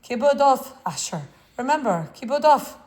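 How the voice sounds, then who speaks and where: A woman reading the part of a gentle, anxious mother who speaks softly. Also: high-pitched, animated, normal speed, pitched above the performer's own voice. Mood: pleading. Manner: soft, pleading.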